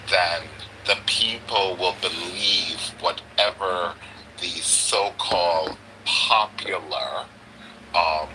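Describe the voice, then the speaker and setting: Guy on a live stream chat, really bright edgy voice, animated, keeps asking pointed questions. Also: sits low, slight background noise, poor audio. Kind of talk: casual chat.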